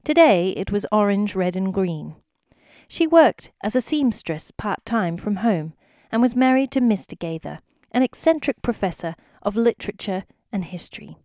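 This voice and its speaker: A woman reads a children's story aloud, bringing life to every sentence with her storytelling. Her voice sits in a middle pitch and is recorded dry and close to the mic. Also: normal speed, dry recording. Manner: expressive, lively storytelling. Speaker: narrator. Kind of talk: storybook reading.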